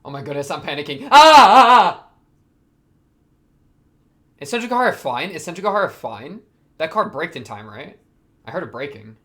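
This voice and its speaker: Man reacting to anime with excited outbursts. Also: on the high side, fast. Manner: talks back to the screen, jumps from muttering to excited outbursts. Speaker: reaction video host. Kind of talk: casual anime reaction commentary.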